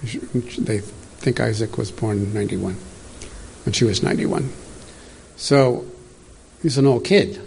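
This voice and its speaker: A man's voice: mid-range voice, creaky, darkish tone, a little hiss or hum. A middle-aged man giving an informal, digressive sermon to a congregation in a church room, chatting and laughing at his own asides. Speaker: preacher.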